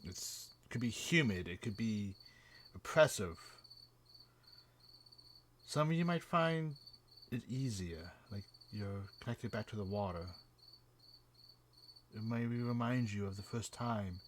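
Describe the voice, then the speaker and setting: A man running a tabletop game as game master, describing the scene slowly and haltingly, with fillers. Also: lowish voice, a little hiss or hum. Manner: slow, hesitant scene narration with fillers.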